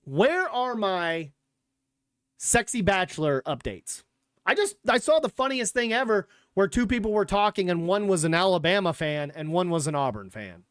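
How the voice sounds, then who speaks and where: A young man hosts his sports podcast livestream in a casual, rambling way, with sarcastic asides and the odd curse. His voice sits a touch high for a man and sounds smooth and clear. The sound is dry and close, with no room echo. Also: big pitch swings, moderate pace, fairly bright tone. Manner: loose, rambling and sarcastic, with profanity. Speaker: podcast host.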